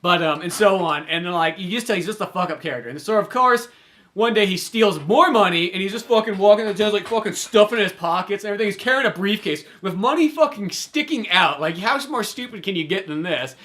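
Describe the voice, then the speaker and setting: A man's voice: sits high, quick pace, a bit bright. A man co-hosting a podcast, reviewing films in casual chat, rambling and swearing a lot with loads of "like". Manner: rambling and profane, heavy use of "like". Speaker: podcast co-host.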